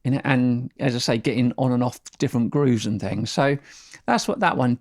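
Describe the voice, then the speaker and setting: A man's voice: medium pitch, moderate pace, darkish tone. A man teaching didgeridoo rhythms in a casual, rambling way, sounding out syllables as he explains.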